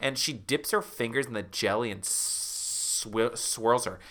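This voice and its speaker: A man co-hosting a podcast, retelling a spooky story in an animated way and putting on voices for its characters. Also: medium pitch, measured pace, a crowd in the background. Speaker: podcast co-host. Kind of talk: comedic storytelling recap.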